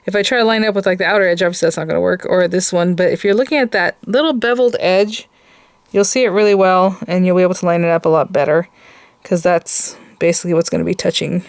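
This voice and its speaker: A woman's voice: lowish voice, steady tone, fast talker, clean tone, no room sound. A woman hosting a casual crafting tutorial, chatty and thinking aloud as she works. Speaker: crafting host.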